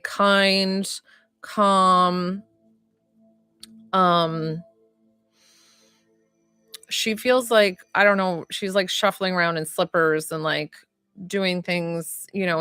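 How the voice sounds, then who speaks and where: A woman working as a psychic medium, giving live readings to viewers in a warm, rambling way with lots of filler words. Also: on the low side, fairly even intonation, takes it slowly, smooth, no room sound, clean studio sound, faint music behind. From northern United States.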